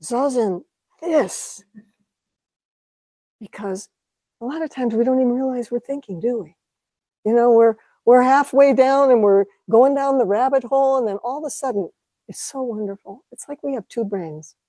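Calm woman giving a meditation talk. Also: a little high, normal speed, no echo, low-quality recording. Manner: calm and reflective, with light laughs. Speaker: meditation teacher. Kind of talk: dharma talk to an audience.

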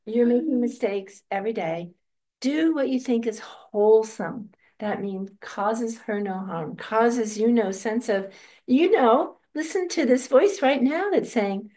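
An older woman, a meditation teacher, giving a gentle and reflective dharma talk as she answers a student's question, often laughing softly. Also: a little high, animated, unhurried.

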